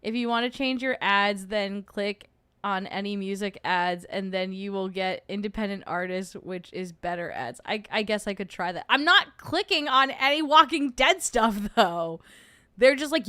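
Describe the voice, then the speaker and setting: A woman's voice: medium pitch, moderate pace, bright, forceful tone, smooth, dry recording, studio quality. A young adult woman hosting a livestream, chatting casually and joking in rambling asides while reacting to a video. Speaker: host.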